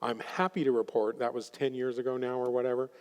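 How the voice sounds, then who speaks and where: A man's voice: mid-range voice, level tone, fast, a little mellow, big-room sound. A man presenting at a workshop, telling a counseling story and acting out his clients' voices. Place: chapel hall.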